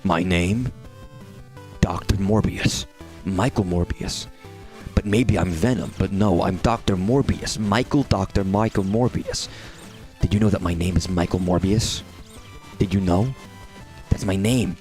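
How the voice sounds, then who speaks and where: Man doing a pompous doctor, low, slow and droning, in a game stream bit. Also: darkish tone, soft background music. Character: self-important male doctor repeating his name.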